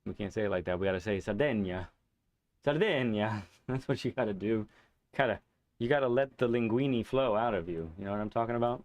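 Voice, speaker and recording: A man hosting a live racing game stream, chatting casually with viewers in a relaxed, rambling way, with fillers and chuckles. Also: fairly low pitch, quick pace.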